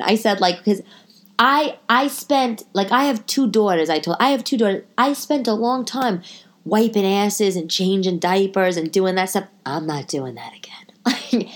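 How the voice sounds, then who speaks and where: A middle-aged woman hosting a podcast, telling a long story in a chatty, animated way with lots of restarts. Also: medium pitch. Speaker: podcast host. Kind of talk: casual storytelling monologue.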